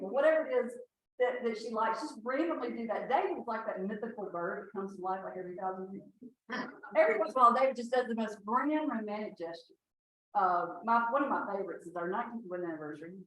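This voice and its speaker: A woman, giving a folksy, lively inspirational talk to an audience. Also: medium pitch, quick pace, distant mic. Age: 60s. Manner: folksy, lively storyteller, laughs often. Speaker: retreat speaker. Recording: echoey hall, speaker off mic.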